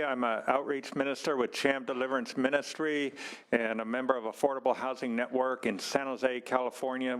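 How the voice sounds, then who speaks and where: A man who is an outreach minister giving a short, slightly halting public comment at a hearing. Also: mid-range voice, a bit bright, smooth. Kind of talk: brief public testimony at a hearing.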